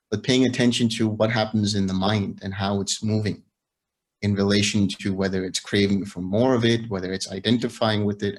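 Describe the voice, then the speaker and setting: A man teaching meditation, explaining practice patiently and in measured steps over a video call. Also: on the low side. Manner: patient, measured, builds on examples step by step.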